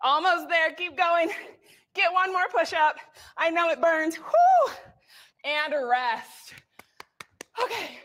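High bright breathless woman coaching a workout. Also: fairly even intonation, takes it slowly, long pauses. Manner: upbeat, encouraging cues with whoops. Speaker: fitness instructor.

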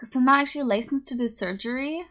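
A woman's voice: high-pitched, quick pace, sharp tone. A young woman livestreaming from home into a desktop mic, chatting casually with her chat in a bubbly, rambling way. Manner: bubbly, rambling, giggly, reads chat aloud. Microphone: desktop USB mic.

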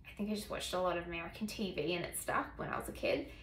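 A woman's voice: lowish voice, fast talker, slight background noise. A woman vlogger telling a personal story in a casual, chatty way, full of "like" fillers. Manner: chatty, filler-heavy, lots of "like". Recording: echoey room.

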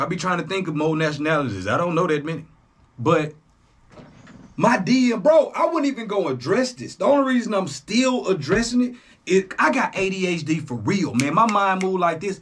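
A young man talks straight to his viewers, his husky voice sitting fairly high. His speech leaps up and down in pitch as he fires off loud, profane jabs and drops into quieter asides. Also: brisk. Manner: animated, profane, swings between loud jabs and low asides. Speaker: YouTube reaction host. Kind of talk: casual monologue to camera.

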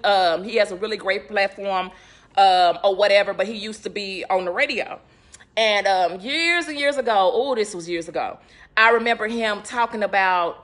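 A woman's voice: medium pitch, a bit bright. A woman podcast host in a casual faith talk, earnest and emphatic. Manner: earnest, conversational, emphatic preaching tone.

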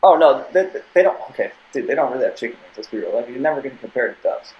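A man's voice: medium pitch, animated, racing, muffled recording. A young man, a podcast guest, telling a long casual story with many tangents and restarts. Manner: rambling, tangents, repeated restarts.

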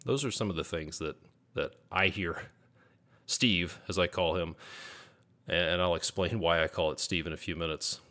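A man's voice: sits low, normal speed, pushed and bright. A man hosting a podcast, speaking earnestly as a business coach, repeating key points and rattling off lists of negative self-talk. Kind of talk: podcast monologue.

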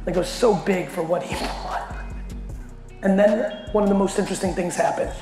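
A middle-aged man giving a blunt, animated keynote to a company audience and swearing constantly as he tells a story. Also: high voice, moderate pace, gravelly. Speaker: keynote speaker. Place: large hall at a company event. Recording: echoey hall with faint music.

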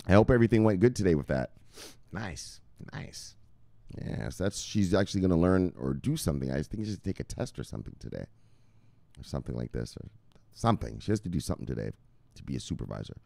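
A man hosting a casual crypto video, reading out viewer comments in a rowdy, foul-mouthed way, with shouted catchphrases between muttered asides. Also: sits low, animated, fast, vocal fry, no echo.

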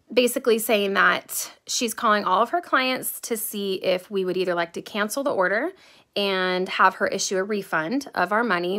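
A middle-aged woman on her vlog, telling a story in an animated, exasperated way with lots of fillers. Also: mid-range voice. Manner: animated, exasperated, talks fast with many fillers. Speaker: vlogger. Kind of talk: casual storytelling rant.

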